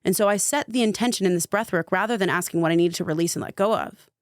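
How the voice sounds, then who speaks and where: A woman's voice: fairly low pitch, fast, no room sound, studio quality. A young adult woman, a spiritual coach guesting on a podcast, telling a personal story in a casual, chatty way full of fillers. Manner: chatty, fillers of "like", vivid retelling.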